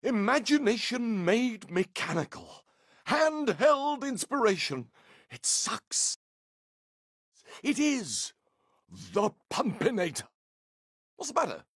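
A voice actor playing a grandiose, eccentric young male inventor with a breathy, theatrical delivery. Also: mid-range voice, sing-song, slow pace, pauses often, no echo, clean studio sound, heavily acted. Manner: theatrical, pompous, wildly swooping delivery. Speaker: game character. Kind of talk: video game voice acting.

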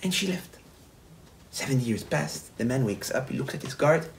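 A man, a rabbi, telling a parable in a sermon, animated, repeating phrases and restarting often. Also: mid-range voice, normal speed, vocal fry, low-quality recording. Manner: animated, repetitive, frequent restarts. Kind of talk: storytelling sermon.

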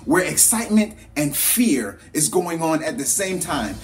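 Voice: mid-range voice, very animated, measured pace. A parent giving an earnest motivational talk, repeating phrases with a preaching cadence and telling a story to make a point. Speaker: motivational speaker.

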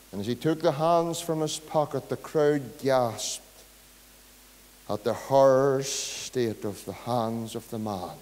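A Northern Irish pastor delivers a sermon in a church, recounting a story before rising to earnest, fervent pleas to the congregation. His voice is mid-range and a little mellow, carried by long hall reverb.

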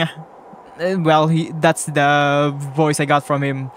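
A man's voice: a little high, flat delivery, takes it slowly, a little hiss or hum. Rambling, distracted male gamer. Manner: rambling, easily distracted, laughing asides. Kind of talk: casual let's-play commentary. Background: game music.

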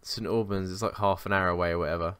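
Young man, podcast co-host, low-ish bright and clear voice, sweary self-mocking storyteller. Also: steady tone, quick pace, no room sound. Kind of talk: casual chat, storytelling.

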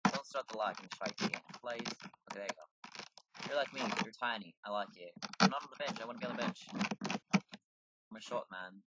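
A man with a deep voice giving casual, rambling commentary while playing a video game and chatting to the characters. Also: normal speed, lo-fi sound, very noisy.

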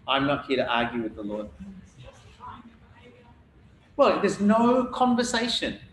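A man's voice: fairly high pitch, fairly bright tone. A man with an Australian accent preaching a sermon as pastor, emphatic and acting out Bible dialogue, recorded in an echoey church hall. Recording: echoey hall, faint room noise.

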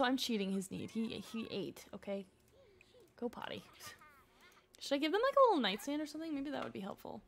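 A young woman chatting through her gameplay on a live stream, excitable and gushing, often talking to the game characters. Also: on the high side.

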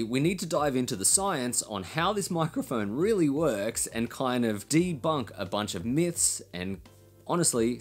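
An Australian man with a nasal voice, explaining recording gear in a blunt, casual way and swearing now and then. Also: mid-range voice. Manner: blunt, swears casually, laughs between points. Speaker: recording studio educator.

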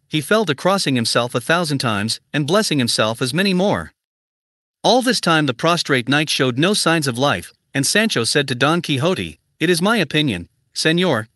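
A male audiobook narrator with a slightly raised, bright and forceful voice. He reads in an even, measured way and barely changes his voice for the characters. The sound is dry and close, with no room around it. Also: on the high side, no room sound. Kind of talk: scripted narration.

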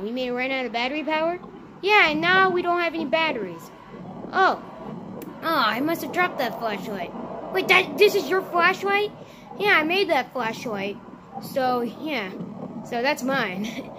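A woman voicing a timid, panicky young man who whines in a raised voice. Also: noisy background. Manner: whiny and raised, higher than the main voice.

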